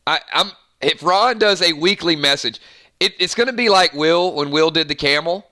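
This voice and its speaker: Game host from the Southern US, hyper and rambling, bright pushy voice, fairly high. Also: male voice. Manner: hyper, rambling, quick asides. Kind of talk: live game stream commentary.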